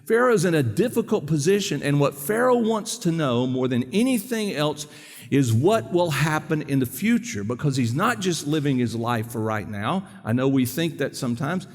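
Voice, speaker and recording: A man pastor giving a sermon in a church, talking quickly and conversationally and putting questions to the congregation. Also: fairly high pitch, big pitch swings, big-room sound. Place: church sanctuary.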